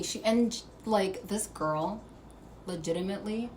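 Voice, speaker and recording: A woman vlogger telling a story to camera, animated and profane, laughing as she goes. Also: mid-range voice, normal speed, slight background noise. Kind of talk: casual storytime monologue.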